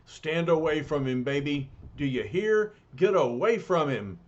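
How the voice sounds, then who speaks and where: Gruff jealous brawler voiced by a man, tough slang, lively pitch, dull sound. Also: unhurried. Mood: angry. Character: gruff, jealous, hot-headed rocky strongman. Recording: dull lo-fi recording.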